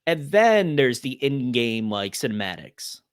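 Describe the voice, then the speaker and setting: A man's voice: medium pitch, sing-song, a little slow, clear, resonant tone, dry recording, studio quality. Young man chatting casually, lots of fillers. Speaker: podcast guest. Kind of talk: casual podcast chat.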